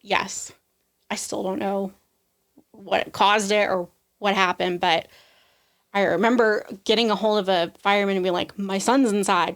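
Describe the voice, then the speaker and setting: A woman's voice: mid-range voice, a bit bright. A young adult woman giving an emotional personal testimony as a podcast guest, acting out what people said and leaning on "like" a lot. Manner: emotional storytelling, acts out quoted voices, frequent "like".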